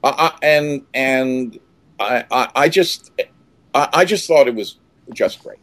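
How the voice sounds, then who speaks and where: A man in his sixties, an actor being interviewed, telling stories with much animation, acting out quotes with sudden loud outbursts and many restarts. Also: mid-range voice, takes it slowly, no echo.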